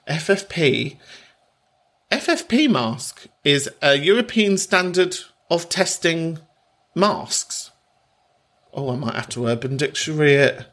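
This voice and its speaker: A man's voice: fairly high pitch, very animated, slow, fairly bright tone. A man from the UK hosting a podcast in casual comic chat, camp and sweary, often breaking into laughter mid-sentence. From United Kingdom. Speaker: podcast host.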